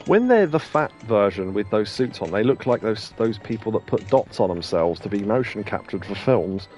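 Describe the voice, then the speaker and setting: A man's voice: lowish voice, lively intonation, moderate pace, a little mellow, faint music behind. A man co-hosting a let's play, chatting casually and telling rambling anecdotes with plenty of laughs. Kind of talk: casual chat over gameplay.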